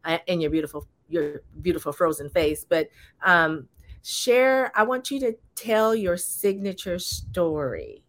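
A woman hosting an interview, effusive and halting as she introduces her guest, laughing often. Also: lowish voice, animated. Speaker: host.

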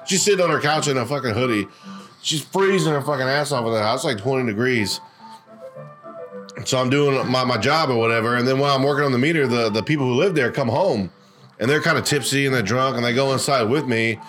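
A man's voice: medium pitch, quick pace, faint music behind. A man co-hosting a podcast, telling crude work stories in a casual, profane way and acting out what people said. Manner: profane, animated storyteller acting out quotes. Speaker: podcast co-host. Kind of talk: casual storytelling chat.

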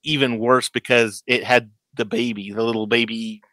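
A man in his thirties hosts a casual chat about a show. His voice is bright and forceful, the sound dry and close, and he tumbles into restarts while acting out what characters say. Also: mid-range voice, moderate pace, no room sound, rough recording. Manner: animated, stammers, acts out quotes. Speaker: podcast host.

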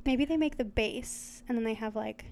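A woman's voice: a little high, moderate pace, a little mellow. A young woman co-hosting a casual chat, reading notes aloud and then riffing on them with giggles. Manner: chatty, giggly, reads aloud then riffs. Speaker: podcast co-host.

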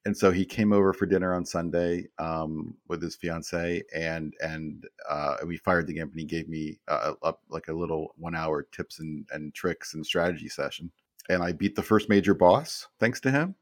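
A man's voice: low-pitched, normal speed, dry recording, clean studio sound. A man in his fifties, a podcast guest telling stories in a rambling, casual way and often repeating words as he starts a sentence. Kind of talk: casual storytelling chat.

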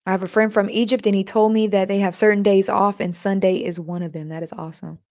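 A woman's voice: mid-range voice, level tone, fast, a little mellow. A woman hosting a casual faith podcast live stream, chatting with listeners and reading their comments aloud.

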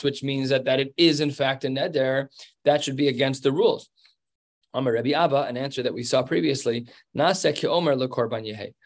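A man with a gravelly voice teaches a Talmud lesson. He explains in a conversational way, pausing with fillers and restarting his sentences as he works through each point. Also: medium pitch.

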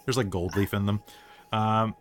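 A man's voice: on the low side, fairly even intonation, moderate pace, faint music behind. A man running a tabletop game as game master, narrating scenes and calling for checks in a casual, chatty way. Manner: casual, chatty, many fillers.

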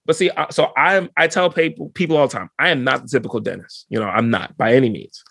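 A male dentist as a podcast guest, telling stories in a relaxed, slangy way and acting out his patients' lines. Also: medium pitch, fast, gravelly, slightly rough, dry recording. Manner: lively, acts out patient dialogue in quoted voices; laid-back, slangy. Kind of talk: casual interview storytelling.

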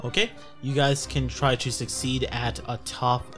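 A man narrates a tabletop role-playing game as its game master. He describes the action at an unhurried pace and moves quickly when asking the players what they want to do. His voice is mid-pitched, with faint music playing underneath. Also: little pitch movement, fairly bright tone.

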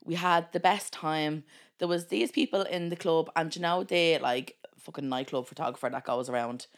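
A woman, chatting on a podcast. Her voice sits a little low, and she tells her stories bluntly, swears freely and laughs often. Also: normal speed. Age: 20s. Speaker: podcast co-host. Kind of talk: casual chat.

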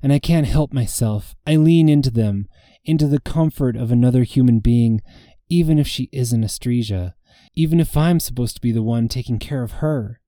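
A man narrating first-person fantasy fiction in a measured, intimate storytelling manner, giving the characters' lines in character. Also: medium pitch, warm tone, no echo, studio quality. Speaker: audiobook narrator.

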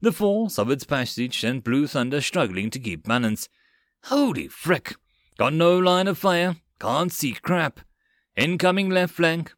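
A man reading a web novel audiobook in a steady storytelling manner. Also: mid-range voice, no echo, studio quality. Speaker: audiobook narrator. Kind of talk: scripted narration.

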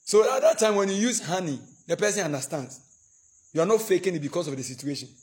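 A man's voice: high-pitched, fast talker. A man preaching at a marriage seminar, acting out scenes between couples and leading the congregation in prayer. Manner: acts out couple arguments, animated, prays in tongues. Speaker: pastor. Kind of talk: sermon.

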